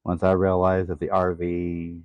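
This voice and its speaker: A man in his forties telling his own story in a halting, tired way, pausing to catch his breath. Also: sits low, completely flat delivery, clean tone, no echo. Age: 40s. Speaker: vlogger. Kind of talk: casual personal vlog. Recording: tinny phone-like sound.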